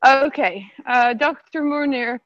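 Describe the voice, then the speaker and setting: A woman's voice: high-pitched, takes it slowly, fairly bright tone, dry recording. A woman moderating an online meeting, polite and full of small fillers, speaking over a video call. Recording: dry, muffled call audio.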